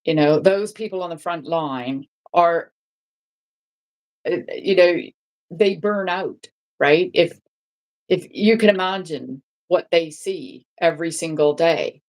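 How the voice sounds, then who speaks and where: A woman's voice: lowish voice, slow pace. A woman, a guest on a casual live-stream chat, talking in a rambling way with many restarts and tag questions. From England. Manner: rambling, restarts often, asks "right?".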